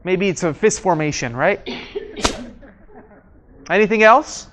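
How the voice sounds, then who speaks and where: Against a noisy background, a man runs a live communication workshop in a training room with an audience, asking questions and repeating his key points. His voice is high-pitched, animated, and unhurried.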